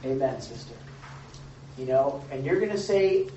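A woman's voice: extremely low pitch, expressive, a little slow, pauses often, dark tone, heavy reverb, far from the mic, highs cut off, a little hiss or hum. A woman pastor preaching a sermon in a conversational way, asking her congregation questions.

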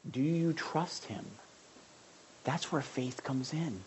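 A woman's voice: rumbling low, slow pace, darkish tone, breathy edge. A woman preaching a conversational sermon, often asking her listeners questions and restarting her sentences. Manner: asks the audience questions, frequent restarts.

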